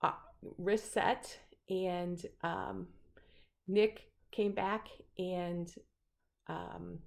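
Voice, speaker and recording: A woman's voice: lowish voice, steady tone, extremely slow, gravelly, darkish tone. A middle-aged woman casually telling a personal story, rambling with many fillers and restarts. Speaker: speaker sharing a personal story.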